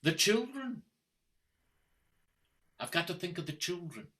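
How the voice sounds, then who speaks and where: Older actor as a sneering husband on a video-call stage play, bright tense voice, slow delivery. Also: male voice, high voice, very animated, full character voice. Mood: cold. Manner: taunting, mocking, coldly deliberate. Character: scornful middle-aged husband baiting his wife. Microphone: computer mic on a video call.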